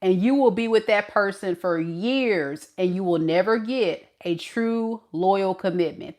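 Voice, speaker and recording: A woman giving a tarot reading to her viewers, blunt and animated, talking straight to them as y'all. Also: medium pitch. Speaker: tarot reader.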